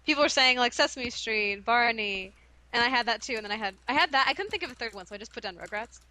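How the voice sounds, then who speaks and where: Giggly young woman, bright voice. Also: a little high, expressive, fast talker. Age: young adult. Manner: giggly, self-deprecating storyteller. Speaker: podcast co-host. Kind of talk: casual chat.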